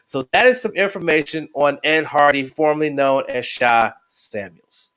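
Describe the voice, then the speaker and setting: A man hosting a podcast, pitched a touch higher than most men. He chats casually and swears freely, jumping from dry asides to excited outbursts. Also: normal speed. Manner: profane, excitable and joking. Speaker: podcast host. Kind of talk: casual chat.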